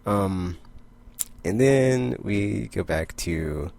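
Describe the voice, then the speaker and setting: A man's voice: lowish voice, animated, extremely slow, gravelly, darkish tone. A young man casually recapping comic issues in a rambling way, full of fillers and quoted character lines. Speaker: comic book vlogger.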